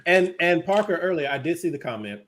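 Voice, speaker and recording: A man's voice: fairly high pitch, animated, a little fast, a bit bright, slight background noise. A middle-aged man chatting casually on a video call, rambling, joking and laid-back.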